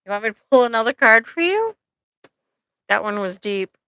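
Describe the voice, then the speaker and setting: A woman therapist talks casually to her viewers on a live stream, tossing in "like" and "right?" as she goes. Her voice is bright and smooth. It is recorded dry and close on a computer microphone. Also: a little high, very animated, moderate pace, no room sound, poor audio. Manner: chatty, conversational, frequent "like" and "right?" tags; directly addresses viewers.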